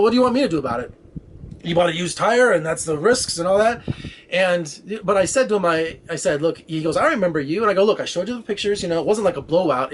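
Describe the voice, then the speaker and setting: A film critic vlogger from the Las Vegas area tells a rambling story casually, talking quickly and energetically in a slightly high voice. He slips into the voices of the people he describes, and a faint hiss runs beneath the recording.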